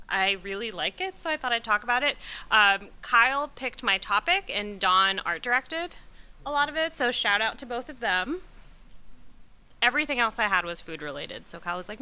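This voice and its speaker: A young woman from Curaçao gives a relaxed slide presentation, chatty and self-deprecating, with plenty of ums and side remarks. Her voice is bright and smooth, with a clean, clear tone. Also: medium pitch. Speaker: presenter at a company talk.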